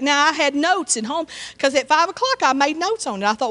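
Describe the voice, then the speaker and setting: A woman's voice: high voice, expressive, fairly quick, hardly any pauses, a bit bright. A woman pastor, preaching in a conversational, folksy way with frequent restarts. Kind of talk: sermon.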